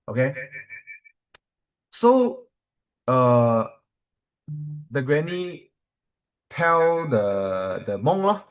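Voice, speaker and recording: A man's voice: medium pitch, big pitch swings, drawn-out words, long pauses, poor audio. A man with a Malaysian English accent, a corporate trainer telling motivational stories and quizzing his audience, with many fillers.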